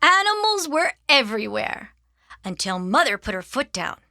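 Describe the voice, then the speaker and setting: A woman reading a children's storybook aloud in an expressive, sing-song manner. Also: on the high side, moderate pace, dry recording, clean studio sound. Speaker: audiobook reader. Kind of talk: storybook narration.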